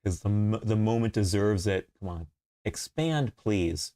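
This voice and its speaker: A man chatting casually on a live stream, rambling with fillers and often laughing, his voice leaping up high whenever he gets excited. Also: measured pace.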